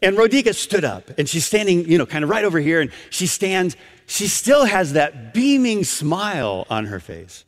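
A male preacher delivering a sermon in a high, animated voice that rises and falls widely. He talks emphatically, telling stories and often doubling his words. A long reverb trails behind him, as if he speaks in a large hall. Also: normal speed. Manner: emphatic, with frequent word repeats and storytelling.

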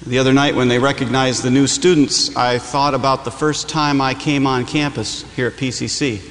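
A man's voice: mid-range voice, steady tone, moderate pace, a bit bright, in a large hall, a little hiss or hum. A man from Michigan preaching a sermon, telling stories in a conversational, joking way. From Michigan, USA. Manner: conversational, self-deprecating humor, frequent "uh"s. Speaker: campus preacher. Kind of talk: sermon with personal storytelling.

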